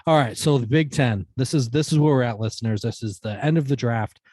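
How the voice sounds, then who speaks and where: A man co-hosting a casual podcast chat, easygoing, reading out long lists of teams at a steady clip. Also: mid-range voice, brisk, no echo. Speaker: podcast co-host.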